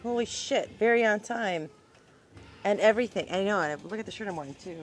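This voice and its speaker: A woman's voice: mid-range voice, a little fast. A woman hosting a casual live stream, teasing her guest and swearing freely.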